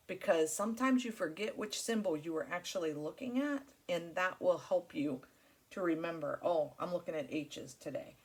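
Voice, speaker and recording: A woman's voice: on the low side, a little hiss or hum. Chatty woman hosting a crafting vlog. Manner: rambling, friendly, many fillers. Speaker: crafting channel host. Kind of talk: casual chat while crafting.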